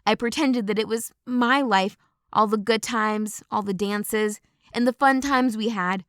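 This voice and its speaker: A woman reading a novel aloud in first person, measured and expressive. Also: fairly high pitch, no echo, clean studio sound. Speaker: audiobook narrator. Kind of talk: scripted first-person narration.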